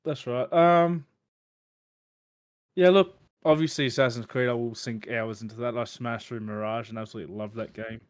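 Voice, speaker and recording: A man's voice: mid-range voice, steady tone, normal speed. A man hosting a podcast, chatting loosely about video games with lots of fillers. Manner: rambling, filler-heavy gamer chatter. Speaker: podcast host. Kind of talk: casual chat.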